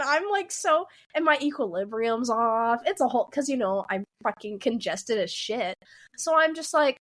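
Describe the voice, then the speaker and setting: A woman in her twenties co-hosting a podcast, telling a story in a casual, animated way, often laughing and acting out the people in it. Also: a little high, normal speed. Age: 20s. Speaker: podcast co-host.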